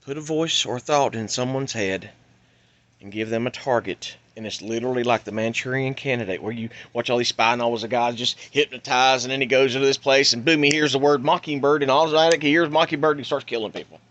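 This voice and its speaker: A man's voice: medium pitch, fairly quick, dull audio. Urgent, pleading man. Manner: urgent, pleading, swings between shouting and hushed. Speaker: vlogger. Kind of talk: impassioned monologue.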